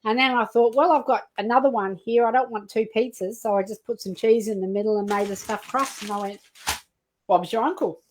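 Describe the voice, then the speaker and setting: A woman's voice: a little high, fairly even intonation, a little fast, low-quality recording. An Australian woman hosting a live cooking stream, chatting casually, reading out viewer comments and laughing easily.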